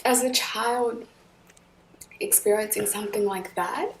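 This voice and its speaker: A woman's voice: medium pitch, measured pace. Woman, earnest storyteller, roomy echo, faint background noise. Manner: earnest, animated, acts out other voices. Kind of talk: personal storytelling. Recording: echoey room, distant from the mic, faint noise.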